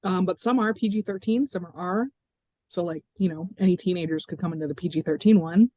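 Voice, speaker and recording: A woman's voice: fairly low pitch, a little fast, warm tone, no room sound. A woman from library staff asking for advice in a roundtable discussion, chatty and filling her talk with "like" and small laughs. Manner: chatty, many "like" fillers, laughs while talking.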